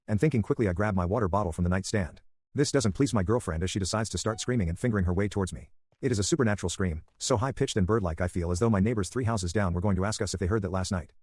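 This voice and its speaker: Male horror story narrator, fast matter-of-fact read, lowish voice, dry close recording. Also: a little mellow, no echo. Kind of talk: scripted narration.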